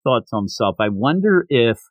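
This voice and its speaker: Animated man recapping a manga. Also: medium pitch, normal speed, dry recording, muffled recording. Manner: animated retelling with quoted lines. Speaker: podcast host. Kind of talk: casual manga recap chat.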